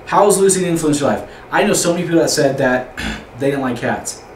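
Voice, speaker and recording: A man's voice: fairly high pitch, expressive, fast. Young male youth leader, loose chatty teaching style, recorded from across a room with faint background noise. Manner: rambling, repeats words, asks the group questions. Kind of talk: informal youth group teaching. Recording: roomy echo, distant mic, faint room noise.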